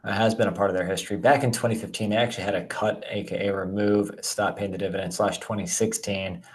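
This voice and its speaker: Deep-voiced, jokey man co-hosting. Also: quick pace, rough recording. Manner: energetic, jokey, addresses viewers as guys. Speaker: co-host of a dividend investing show. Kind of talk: casual finance chat.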